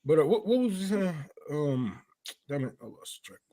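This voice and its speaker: A livestream host from Detroit runs a laid-back political show full of swearing, wisecracks and mocking impressions. He speaks at an ordinary pace in a mellow, fairly high voice that's very animated.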